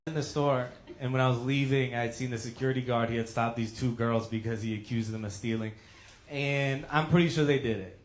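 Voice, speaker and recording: A man's voice: mid-range voice, steady tone, fairly quick. A man telling a laid-back stand-up story on stage. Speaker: stand-up comedian. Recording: echoey room with noise.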